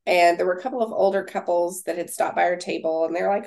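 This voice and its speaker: A young woman with a lowish voice and a gravelly edge, co-hosting a casual faith-based chat. She reads scripture aloud, then talks it over with easy fillers. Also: steady tone, brisk, darkish tone. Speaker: podcast co-host.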